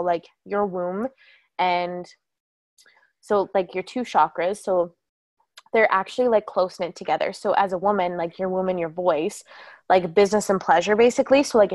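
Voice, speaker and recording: Animated young woman hosting a podcast. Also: medium pitch, dry recording. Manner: animated storytelling, swears casually. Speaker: podcast host. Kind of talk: casual interview chat.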